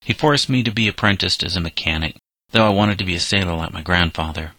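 A man's voice: low-pitched, fast, bright, forceful tone, no room sound, full character voice. A man reading the part of a sullen, defiant seventeen-year-old runaway boy who speaks in bitter, resentful protests.

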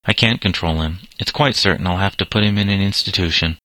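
A man's voice: deep voice, fairly quick, bright, forceful tone, dry recording. A man reading the lines of a fretful middle-aged hotel proprietress, in a plain read-aloud voice.

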